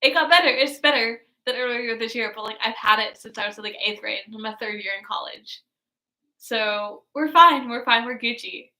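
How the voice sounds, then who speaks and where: A woman's voice: a little high, moderate pace, pushed and bright. A woman in her twenties chatting casually while reacting to an album, rambling with lots of filler words. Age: 20s. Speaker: music reaction vlogger. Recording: echoey room.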